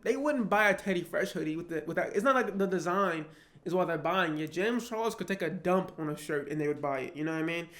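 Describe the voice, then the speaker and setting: Slangy young man reacting to online drama. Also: high voice. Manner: animated and joking, with slang and swearing. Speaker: YouTube commentator. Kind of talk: casual reaction commentary.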